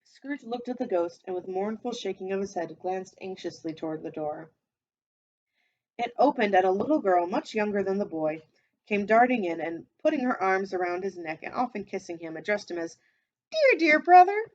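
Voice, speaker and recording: A woman's voice: mid-range voice, moderate pace, a little mellow, highs cut off. Woman reading a classic novel aloud. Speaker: reader.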